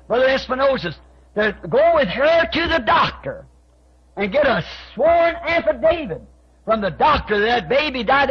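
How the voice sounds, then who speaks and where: Man with a really high voice preaching, tells stories, bursts into shouts, muffled old tape. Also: husky. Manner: storytelling, quoting both sides of conversations, rising to shouts. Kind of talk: sermon. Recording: dull lo-fi archive tape recording.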